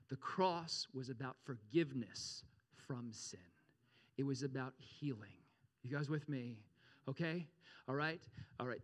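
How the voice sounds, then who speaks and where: Man, pastor, sermon, slightly high voice, animated, repetitive emphasis. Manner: animated, addresses congregation with frequent check-ins; repeats phrases, rises in pitch and volume for emphasis.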